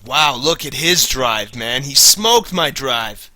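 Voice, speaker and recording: A man's voice: medium pitch, expressive, takes it slowly, pushed and bright, no room sound. A slightly tipsy man chatting casually while streaming a game, rambling, swearing and laughing. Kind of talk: casual chat while gaming.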